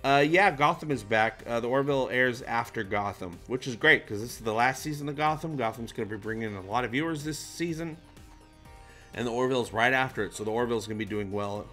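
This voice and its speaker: A man's voice: medium pitch, fast talker, faint music behind. Man hosting a chatty livestream. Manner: animated, jokey, shout-outs to viewers. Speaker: livestream host. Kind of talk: casual livestream chat reading comments.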